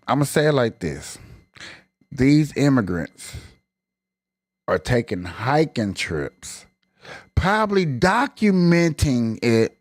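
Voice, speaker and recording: A man holds forth on his live stream in a casual, slangy rant, stressing his points hard. His voice sits at an ordinary pitch, and the recording is dry and close with no room sound. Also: no echo. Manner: emphatic, colloquial, ranting.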